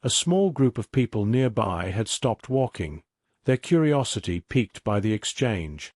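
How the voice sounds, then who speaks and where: Dry, steady male story narrator. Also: on the low side, unhurried, no echo.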